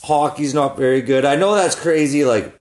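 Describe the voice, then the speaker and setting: A man's voice: a little high, normal speed, a little mellow. A young man telling rambling, profane stories in a casual solo chat, often laughing at his own jokes. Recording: echoey room.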